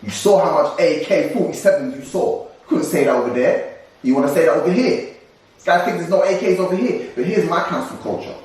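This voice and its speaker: A young man, co-hosting a casual discussion podcast in an animated, ranting way with frequent laughs. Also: fairly high pitch, a little fast, recorded from a distance. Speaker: co-host. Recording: echoey room, voice away from mic.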